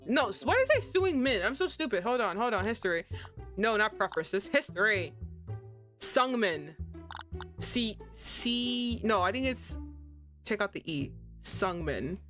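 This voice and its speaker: A young woman streaming a story game, reading the text aloud and reacting in an excitable, self-mocking way with frequent laughs. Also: medium pitch, unhurried, faint music behind.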